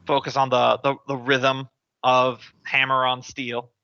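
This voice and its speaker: Bright-voiced male game master. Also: mid-range voice, completely flat delivery, measured pace, muffled recording. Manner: hesitant, many ums and restarts. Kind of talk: narrating a tabletop game.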